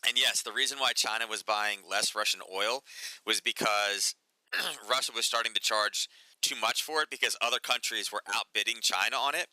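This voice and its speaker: A man's voice: lowish voice, moderate pace, pushed and bright, no echo, low-quality recording. A man hosting casual live market commentary, chatty and sarcastic. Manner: chatty, sarcastic, lots of "right?" and "um". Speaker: market analysis host.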